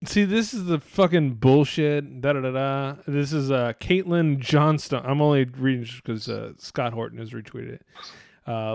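A man's voice: mid-range voice, normal speed, vocal fry, a little mellow, no room sound, studio quality. A man hosting a podcast in casual chat. He rambles, swears a lot and laughs often. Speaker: podcast host.

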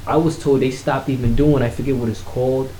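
A man casually telling his life story in conversation, animated, acting out what others said. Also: fairly quick. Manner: animated, acts out quotes with rising pitch. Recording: echoey room with faint hiss.

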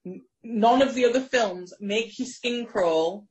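A woman's voice: on the high side, a little slow, darkish tone. A woman co-hosting a podcast in casual chat, laughing often and swearing playfully. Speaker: podcast co-host.

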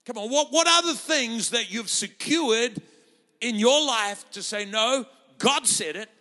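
A man's voice: very high voice, measured pace, bright, forceful tone. A man preaching a sermon as pastor, fervent and rousing, quoting scripture and acting out voices for the crowd. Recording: reverberant hall.

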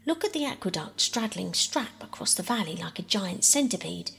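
A woman's voice: medium pitch, sing-song, moderate pace, vocal fry, fairly bright tone, big-room sound. A woman voicing Peter, a practical, bossy boy, in a storybook reading.

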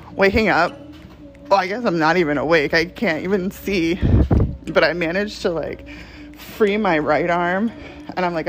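Woman, casual storytime, keeps laughing mid-sentence, swears freely, middle-pitched voice, faint music underneath. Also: rough recording. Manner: animated, laughing often, swearing.

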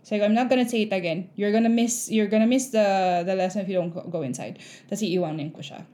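Chatty Filipina teacher with a mellow voice. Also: female voice, mid-range voice, fast. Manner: mixes languages, acts out quoted kids and adults. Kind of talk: casual storytelling chat.

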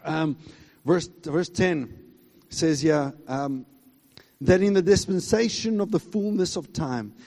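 Emphatic preacher with a high voice. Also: male voice, slow, long reverb tail. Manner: emphatic preaching, swings between loud high exclamations and quiet asides. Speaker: pastor. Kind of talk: sermon.

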